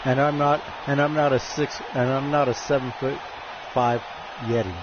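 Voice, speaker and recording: A man's voice: medium pitch, fairly even intonation, moderate pace, highs cut off, background noise. A man hosting a game stream, giving jokey wrestling-announcer play-by-play, calling the crowd folks and often stumbling and restarting his phrases.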